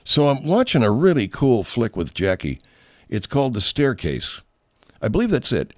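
Animated, profane male talk show host. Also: medium pitch, moderate pace. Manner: profane, digressive, animated storytelling. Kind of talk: casual show monologue.

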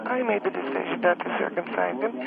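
A man doing a gravelly elderly lady caller. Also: high-pitched. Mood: soothing. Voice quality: gravelly, halting with many ums. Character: elderly motherly woman caller, gentle and rambling. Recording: tinny phone line with loud crowd noise.

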